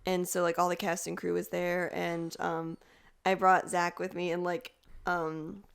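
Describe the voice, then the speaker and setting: A woman's voice: fairly low pitch, unhurried, vocal fry, clean tone. A young woman hosting a podcast, telling stories animatedly and acting out the quotes. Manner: animated storyteller, acts out quotes. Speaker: podcast host. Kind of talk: casual chat.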